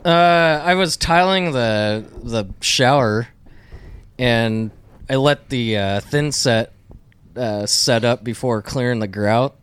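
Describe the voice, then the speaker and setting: A man's voice: mid-range voice, slow pace, fairly bright tone, a little hiss or hum. A man chatting casually with friends, laid-back and a bit hesitant, with many fillers. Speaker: friend, boat hobbyist. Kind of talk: casual chat.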